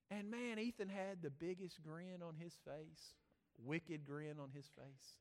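A man's voice: sits high, normal speed. A man, preaching a sermon and telling rambling family stories with many restarts. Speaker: pastor. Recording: long reverb of a church hall.

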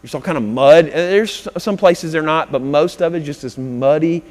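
High-voiced preacher in a reverberant hall. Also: male voice, normal speed. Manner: dramatic, swings from loud preaching to hushed earnest tones. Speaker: pastor. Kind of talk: sermon. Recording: long reverb of a large hall.

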